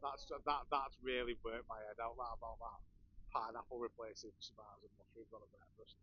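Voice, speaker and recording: A man's voice: medium pitch, little pitch movement, brisk, dull audio, slight background noise. A man with a Scouse accent, chatting and ranting with a laugh as he hosts a live stream. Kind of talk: casual chat.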